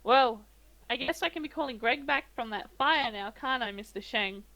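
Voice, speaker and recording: A woman's voice: fairly high pitch, normal speed, vocal fry, sharp tone. A woman voicing a smug male town guard with a dry manner.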